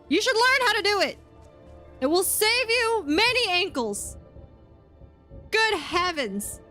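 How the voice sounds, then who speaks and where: A woman streaming a game, chatting casually and excitably, yelping and laughing as she plays. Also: extremely high pitch, slow pace, long pauses, faint music behind. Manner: chatty and excitable, yelps and laughs while playing. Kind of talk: casual gaming commentary.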